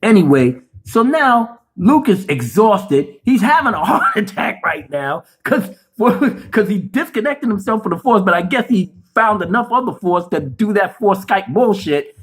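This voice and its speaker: A man doing a profane, animated film review rant, cursing freely and acting out the scenes he describes. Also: high voice, a little slow, slightly rough. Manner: animated, swears a lot, acts out scenes. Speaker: movie reviewer.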